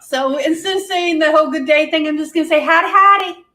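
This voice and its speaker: A woman's voice: high voice, fast talker. A woman hosting a casual art livestream, chatty and folksy, laughing often. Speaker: livestream host, acrylic pour artist.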